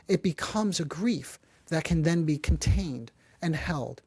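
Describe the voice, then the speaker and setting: A man hosting a psychology podcast, who explains calmly and gently and slows down to stress key phrases. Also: fairly high pitch, husky, dry recording. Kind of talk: calm explanatory talk.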